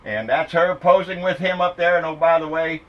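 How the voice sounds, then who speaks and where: A man's voice: on the high side, steady tone, normal speed, lo-fi sound, slight background noise. A middle-aged man, ranting about politics in a blunt, profane, mocking way. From Texas. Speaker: political vlogger.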